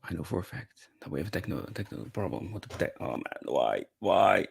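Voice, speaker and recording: Male guest on a poor video call, gravelly and animated, playful. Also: low voice, a little fast. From Netherlands. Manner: playful, teasing. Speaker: guest streamer. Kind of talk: casual livestream chat. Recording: bad call audio with echo.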